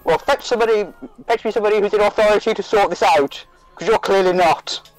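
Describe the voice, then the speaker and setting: A man's voice: high voice, quick pace, soft background music, lightly acted, low-quality recording. A man voicing a haughty, self-important noblewoman priestess, pompous and commanding, over an online call. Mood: imperious.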